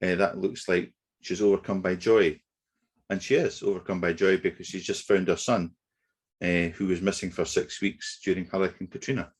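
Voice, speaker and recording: A man giving a webinar lecture on negotiation, explaining in a measured way with occasional fillers. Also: low-pitched, level tone, slightly rough. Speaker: negotiation trainer. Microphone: webinar computer mic.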